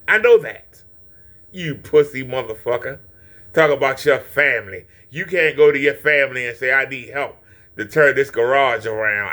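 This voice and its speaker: A man's voice: a little high, bright, forceful tone. A man hosting a reaction video, ranting profanely with taunts and insults at someone in a clip. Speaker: channel host reacting to a clip.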